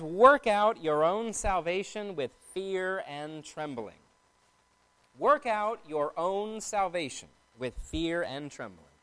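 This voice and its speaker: A man preaching a sermon in a measured, explanatory teaching tone. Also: high-pitched, fairly bright tone.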